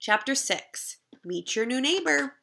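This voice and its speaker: A woman teacher reading a chapter book aloud to young children in a slow, expressive storytelling way. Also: sits high, vocal fry, a little hiss or hum.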